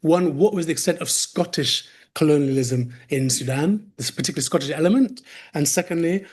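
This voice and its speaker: Young English-accented male presenter, friendly, slightly high voice. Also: a little fast, darkish tone, slightly rough. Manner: friendly, apologetic, mixes in Arabic phrases. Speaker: community researcher presenting. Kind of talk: conference presentation.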